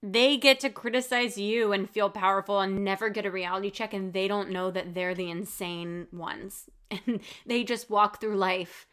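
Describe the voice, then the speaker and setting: A woman's voice: mid-range voice, fairly even intonation, normal speed, hardly any pauses, fairly bright tone, clean tone. Woman chiming in wryly. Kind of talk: casual chat.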